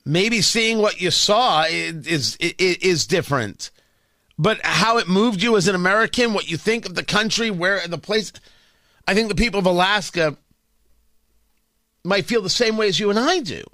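Male podcast host, high-pitched, blunt opinionated commentary, dry close studio sound. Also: lively intonation, moderate pace, pushed and bright, no room sound. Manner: blunt, with frequent restarts.

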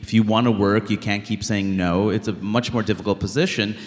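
On a live show stage in a hall, a Queens, New York comedian in his thirties gives a blunt, animated interview full of "like" fillers. He speaks at a fairly low pitch and a little fast, and the hall is reverberant.

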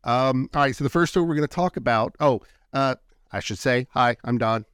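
A man's voice: medium pitch, brisk, a bit bright, smooth, no room sound, clean studio sound. A man hosting a casual podcast, easygoing and steering the chat toward the next story. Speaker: podcast host leading the segment.

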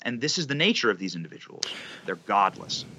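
A man speaking as a guest commentator in impassioned, emphatic political commentary, building his points with dramatic pauses. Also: lowish voice, very animated, pushed and bright, slight background noise.

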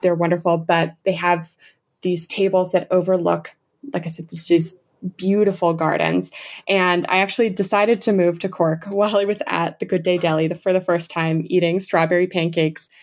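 A young adult woman chatting as an enthusiastic travel guest, full of fillers and quick asides. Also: fairly low pitch, level tone. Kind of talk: casual interview chat.

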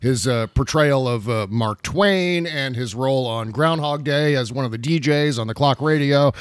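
A man's voice: mid-range voice, moderate pace, smooth, dry recording. A man hosting a podcast in casual chat, rambling and laughing often. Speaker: podcast host.

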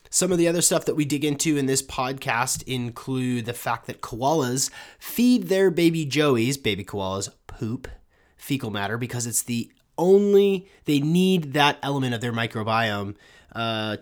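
A man's voice: medium pitch, a bit bright. A man hosting a podcast in casual, rambling talk with plenty of restarts and fillers while fighting a summer cold. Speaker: podcast host. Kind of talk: casual podcast intro and interview.

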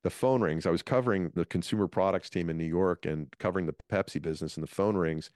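A man in his fifties, a comedian guest, telling stories from his career in a lively interview. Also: low-pitched, quick pace, no room sound, studio quality. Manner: animated storyteller, restarts phrases. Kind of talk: storytelling interview talk.

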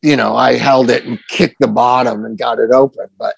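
A man telling a story in a casual interview, animated and profane, laughing often as he goes. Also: medium pitch, normal speed, vocal fry, breathy edge, no room sound. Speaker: addiction counselor guest.

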